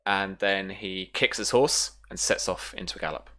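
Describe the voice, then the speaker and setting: A man's voice: deep voice, moderate pace, pushed and bright. A man narrating as game master of a tabletop role-playing game, easygoing and descriptive with frequent filler words.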